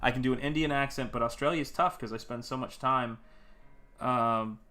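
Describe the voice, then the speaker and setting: A man's voice: medium pitch, moderate pace, pushed and bright. A man from America hosting a casual art livestream, rambling and chatty as he greets viewers in the chat. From United States. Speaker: artist livestream host.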